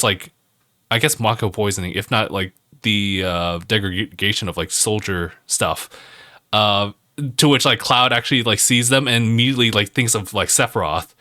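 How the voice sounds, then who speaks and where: A man's voice: fairly low pitch, fairly even intonation, moderate pace, sharp tone, dry recording, studio quality. A man co-hosting a podcast in casual chat, rambling with many fillers. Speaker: podcast co-host.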